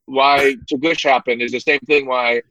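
A middle-aged man from Indiana, an actor guest chatting on a podcast, self-deprecating and halting, with many fillers and restarts. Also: mid-range voice, steady tone, sharp tone, dry recording, muffled recording. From Indiana, United States. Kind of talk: casual podcast chat.

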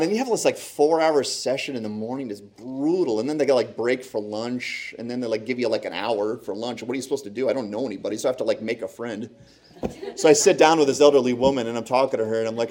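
A man telling a humorous personal story to a live audience in an animated, conversational, self-deprecating way. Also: medium pitch, quick pace.

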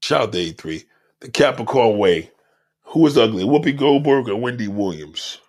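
A man hosting a livestream, reading chat comments aloud and mocking them in a loud, profane rant. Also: medium pitch, normal speed. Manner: loud, animated, heckling and mocking. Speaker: livestream host.

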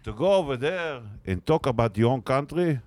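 A man's voice: mid-range voice, moderate pace, no echo. A man on a talk panel, blunt and joking in broken English. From Israel. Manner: blunt, animated, broken English, cursing freely. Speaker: panel guest, driver. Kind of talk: loud joking banter.

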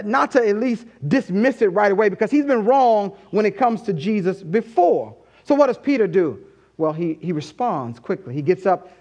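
A male pastor preaching a sermon with animated storytelling and rhetorical questions. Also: high-pitched.

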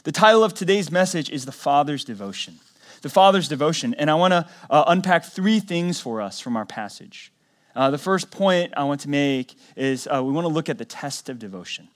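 A man preaching a sermon as pastor, telling the story in a conversational way and swinging between loud emphatic lines and quiet low ones. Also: animated, fairly quick. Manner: conversational storytelling with acted quotes.

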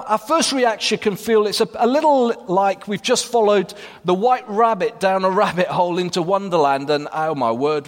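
A man preaching a sermon, his fairly high voice carrying through a hall with a long, ringing reverb. He reads scripture and then talks in a loose, conversational way, full of fillers and restarts. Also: a bit bright. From Wales.

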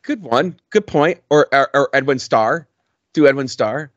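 A man's voice: mid-range voice, expressive, measured pace, dry recording, lo-fi sound. A man co-hosting a podcast in casual chat, blunt, profane and mocking as he reviews an album. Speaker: podcast co-host.

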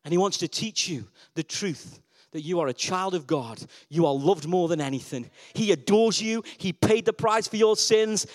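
A man preaching a lively sermon, asking the congregation questions and repeating his key words for emphasis. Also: sits high. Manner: call-and-response questions, emphatic repetition.

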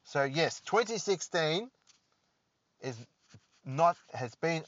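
A man's voice: a little high, lively intonation, takes it slowly, fairly bright tone, no room sound. A man hosting a solo podcast, rambling and joking in a self-deprecating way. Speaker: podcast host. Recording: dull lo-fi dry recording.

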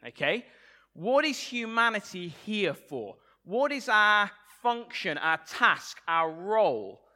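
A man's voice: high voice, big pitch swings, takes it slowly, bright, forceful tone. A man preaching a Sunday sermon, playful and asking the congregation questions.

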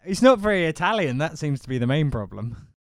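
Man, smooth clear voice, dry close sound, joking podcast chat. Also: on the high side, big pitch swings, brisk, no echo. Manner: joking, riffing on wrestling promos. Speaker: podcast co-host. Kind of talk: casual chat.

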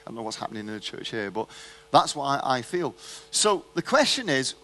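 A man's voice: medium pitch, very animated, brisk, bright, forceful tone. A man preaching a sermon, telling a personal story and asking the audience rhetorical questions in a conversational way.

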